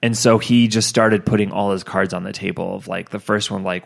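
A man's voice: lowish voice, steady tone, fairly quick, creaky. A man co-hosting a casual chat, joking and swearing as he acts out quotes while retelling events.

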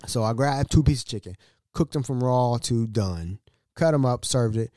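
A man hosting a podcast, telling a workplace story in an animated, slangy way and acting out the dialogue. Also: mid-range voice, normal speed, no echo, clean studio sound. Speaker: podcast host.

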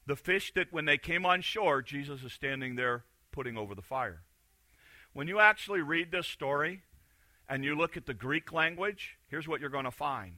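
A man's voice: fairly high pitch, lively intonation, normal speed, long pauses, bright, forceful tone, no echo. A man preaching a sermon in a conversational, emphatic way, repeating key phrases. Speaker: pastor.

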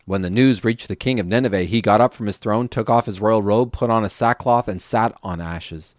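Low-voiced man reading scripture. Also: fairly quick, no room sound, studio quality. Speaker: scripture reader.

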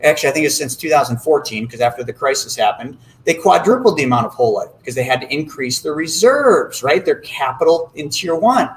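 A man giving an explanatory talk about money to an audience, acting out little dialogues in an animated way. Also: on the high side, brisk, hardly any pauses, roomy sound, slight background noise, rough recording. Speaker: financial educator.

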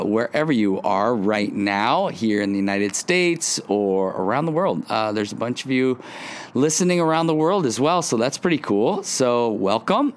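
A middle-aged man hosting a devotional podcast in an informal, chatty way, full of fillers, and tired after a day of surfing. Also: medium pitch. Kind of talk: casual devotional podcast talk.

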